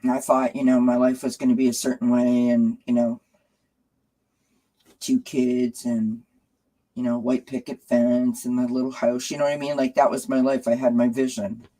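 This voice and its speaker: A woman in her forties hosting a live stream from home, chatting warmly with viewers and cooing at her cats, with lots of fillers. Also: very deep voice, level tone, moderate pace, poor audio. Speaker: tarot channel host.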